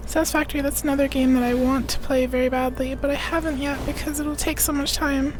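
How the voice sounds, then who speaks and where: A woman live streamer chatting casually with viewers, greeting them by name, her throat irritated so she keeps clearing it. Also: high voice, level tone, fast talker, rough recording. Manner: greets chatters by name one after another; rambling, trailing restarts.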